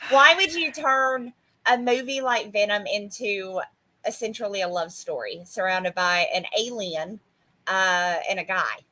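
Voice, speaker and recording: A woman's voice: medium pitch, a little slow, bright, forceful tone. A woman co-hosting a podcast in casual chat, blunt, profane and sarcastic. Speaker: podcast co-host.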